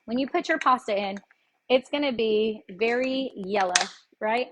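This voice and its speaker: A woman's voice: on the high side, a little slow, fairly bright tone, a little hiss or hum. Chatty woman cooking at home. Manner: chatty and folksy, often laughing, addressing viewers directly. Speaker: cooking show host. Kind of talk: casual live cooking demonstration. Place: home kitchen.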